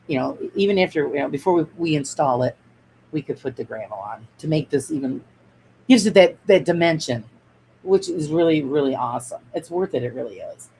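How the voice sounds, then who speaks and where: A woman's voice: sits low, animated, brisk, mellow, slight background noise, poor audio. A woman hosting a casual miniature-crafting stream, chatting in a rambling way and answering viewer comments as she builds. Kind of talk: casual craft livestream chat.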